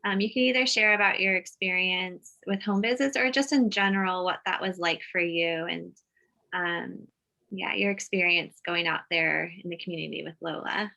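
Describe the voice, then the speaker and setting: A woman moderating a panel, asking a question in a hesitant, gentle way with fillers. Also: fairly low pitch, normal speed, creaky, poor audio. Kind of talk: interview questions.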